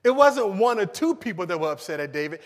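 A man preaching a sermon, moving from loud emphasis to hushed pleading. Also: high voice, very animated, quick pace, big-room sound.

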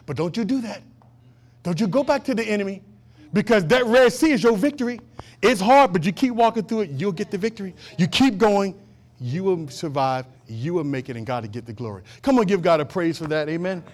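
A male pastor with a notably high voice preaches to his congregation in a church. He repeats short calls to action and swings between loud, driving emphasis and quiet, low asides. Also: expressive, fairly quick. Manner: preaching with rising and falling intensity, repeating short exhortations. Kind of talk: sermon.

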